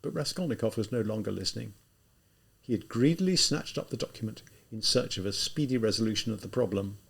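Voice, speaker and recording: A man narrating a classic novel as an audiobook, in an expressive storytelling manner. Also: on the low side, brisk, gravelly, breathy edge.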